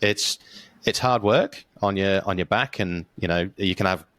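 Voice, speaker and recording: A man hosts a podcast in an easygoing, chatty way, his voice very low. He spins dive stories casually and drops the odd swear word. The sound is dry and close, with no room around it. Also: normal speed, dry recording. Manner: relaxed storyteller, swears casually, says mate. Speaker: podcast host. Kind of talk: casual interview chat.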